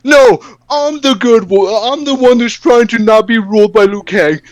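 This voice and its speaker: A man's voice: very high voice, normal speed, no echo, highs cut off, pitched above the performer's own voice. Sub-Zero: a man doing a whiny, bratty ninja. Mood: whiny boasting. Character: whiny, bratty male ninja warrior boasting.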